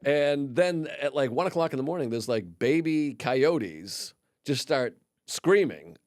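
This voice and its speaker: A man's voice: medium pitch, animated, a little slow, dry recording, studio quality. A man from Boston, a comedian guest on a podcast, telling rambling stories in casual chat and swearing freely.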